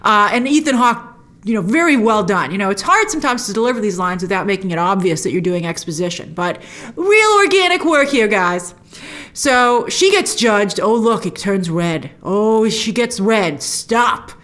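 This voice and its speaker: A woman hosting a casual TV episode review, animated and quick to act out lines from the scenes in put-on voices. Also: medium pitch. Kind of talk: casual chat.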